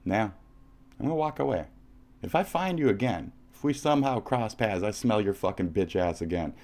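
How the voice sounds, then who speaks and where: In a profane reaction rant on his livestream, an American man taunts someone and keeps repeating his insults. His fairly low, darkish voice has lively intonation and a moderate pace.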